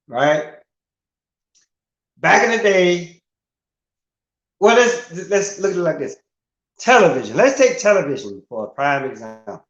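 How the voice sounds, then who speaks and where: A middle-aged man in a casual, profane rant as a livestream host, asking rhetorical questions with emphasis. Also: fairly high pitch. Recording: roomy, dull lo-fi sound.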